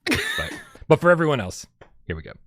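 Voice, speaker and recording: A man's voice: a little high, big pitch swings, fairly quick, fairly bright tone, no echo, studio quality. A man co-hosting a casual gaming podcast, joking around and rambling with restarts. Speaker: co-host.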